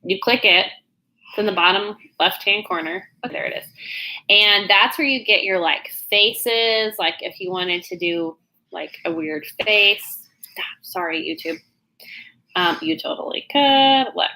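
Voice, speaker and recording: Oklahoma-accented woman coach, bubbly livestream chatter, crisp bright tone, mid-pitched voice. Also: animated, unhurried, slight background noise, poor audio. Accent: Oklahoma Southern. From Oklahoma, USA. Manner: chatty, bubbly, rambling with many fillers. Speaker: business coach. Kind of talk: casual livestream talk. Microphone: no external mic plugged in.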